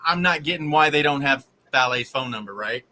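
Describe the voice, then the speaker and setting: A man hosting a live stream, telling a long rambling story in an exasperated, animated way. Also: mid-range voice, brisk, a little hiss or hum, rough recording. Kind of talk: casual storytelling to live viewers.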